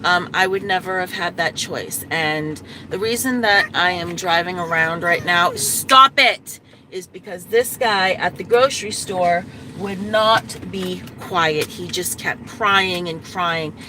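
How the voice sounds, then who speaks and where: A woman vlogging from her car into a phone, talking in a rambling, halting way with many restarts. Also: lowish voice, pushed and bright, a little hiss or hum. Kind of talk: casual vlog commentary. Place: inside a parked car.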